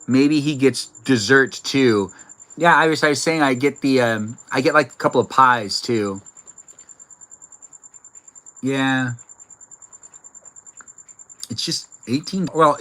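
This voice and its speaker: Young male streamer, bright and chatty, talks to viewers on a live stream. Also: mid-range voice, poor audio. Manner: chatty, reads viewer comments aloud. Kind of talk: casual live-stream chat.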